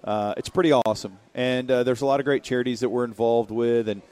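A man's voice: mid-range voice, steady tone, fast, a little mellow. A man co-hosting a sports radio show, rambling and self-mocking, often stumbling over and repeating his words. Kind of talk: casual sports talk radio banter.

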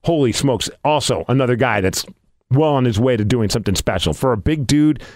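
A man hosting a podcast, telling a story in a casual, animated way and acting out his own reactions. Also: mid-range voice, a little fast, no room sound, studio quality. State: losing his voice. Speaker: podcast host.

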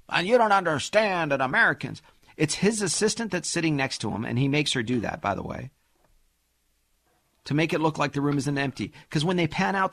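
A man hosting a financial talk radio show, talking in an animated, sarcastic way. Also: mid-range voice, no room sound, studio quality. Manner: animated, sarcastic, mocks others in put-on voices.

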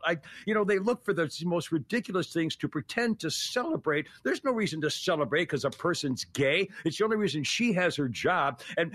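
Sarcastic rambling older talk radio host. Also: male voice, high voice, lively intonation, normal speed, sharp tone, no echo. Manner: rambling, sarcastic, laughs often, stammering restarts. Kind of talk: casual talk radio chat.

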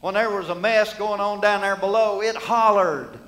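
A man's voice: high voice, normal speed, fairly bright tone, low-quality recording. A middle-aged man preaching a sermon in a folksy, conversational way, asking the congregation rhetorical questions.

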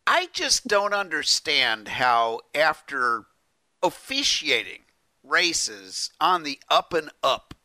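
A man's voice: fairly high pitch, takes it slowly, no room sound. A man co-hosting a motorsport talk podcast, joking and opinionated in a casual back-and-forth. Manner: animated, jokey, opinionated. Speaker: podcast co-host.

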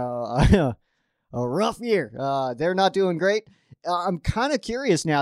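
A man talks through his football predictions in a loose, rambling way, often restarting his sentences. His voice sits a little high for a man, and his emphasis swings up and down. The recording is dry and close, with no room sound. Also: no room sound. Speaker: sports podcast host. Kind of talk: casual football picks commentary.

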